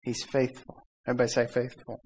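A man's voice: mid-range voice, monotone, fast talker, darkish tone, slight background noise. Folksy preacher man calling for amens. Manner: folksy, calls for amens and audience repeats; laughs often while telling stories. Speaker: pastor. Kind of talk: conversational sermon.

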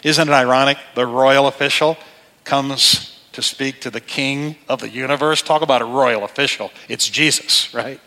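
A middle-aged man delivers a sermon from the pulpit. His voice is bright and forceful, conversational one moment and emphatic the next. A long reverb from a large church hall trails behind every phrase. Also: medium pitch, steady tone, moderate pace. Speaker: pastor.

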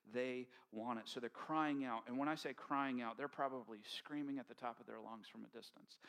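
A pastor preaches to his congregation in a bright, forward voice. He tells the story in a loose, conversational way and acts out the voices of the people in it. His pitch sits in the middle of the male range. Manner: conversational, animated storytelling with acted-out quotes. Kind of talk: sermon. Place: church sanctuary with congregation.

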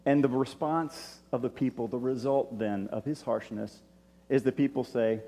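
A man giving a sermon as a pastor, in a relaxed, conversational way with asides to his listeners. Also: mid-range voice, normal speed. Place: church stage. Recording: long reverb of a large hall.

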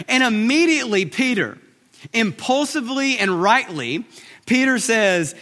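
High-voiced preacher in a reverberant hall. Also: male voice, a little slow. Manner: animated preaching, acts out quoted lines. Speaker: pastor. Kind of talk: sermon.

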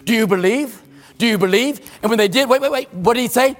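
A male pastor preaching a sermon in a church, emphatic, swinging between loud exclamations and hushed asides. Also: high-pitched, expressive, fast talker, big-room sound. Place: church sanctuary.

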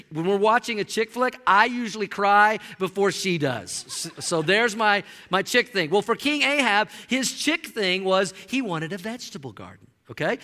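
A middle-aged man preaching a sermon in a church, joking with the congregation and acting out voices. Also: sits high. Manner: animated, jokey preaching with mock voices. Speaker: pastor. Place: church sanctuary. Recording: long hall reverb.

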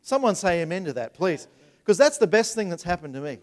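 Pastor, male, fairly high voice, animated sermon delivery that repeats words and acts out voices. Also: brisk. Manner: acts out voices in retold scenes.

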